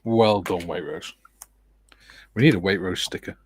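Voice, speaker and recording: A middle-aged scale modeller hosts a casual modelling livestream in a low, unhurried voice, with a little hiss or hum in the audio. He reads out viewer comments and trades jokey banter with friends.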